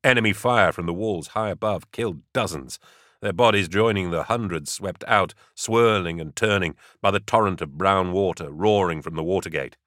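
A man narrating an audiobook in a steady, dramatic way. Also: sits low, normal speed, dry recording, clean studio sound.

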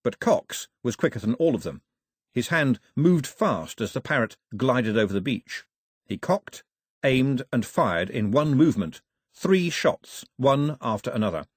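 A man's voice: medium pitch, sing-song, measured pace, breathy edge, no echo, clean studio sound. A man narrating a storybook, reading expressively and switching voices for the characters.

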